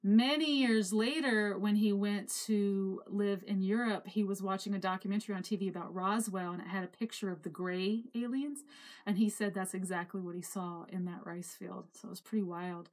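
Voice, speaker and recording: A middle-aged woman recounting her life story to camera. She speaks in a reflective, emotional way, pausing, sighing and laughing now and then as memories return. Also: mid-range voice, fairly even intonation, a little mellow. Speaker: memoir narrator.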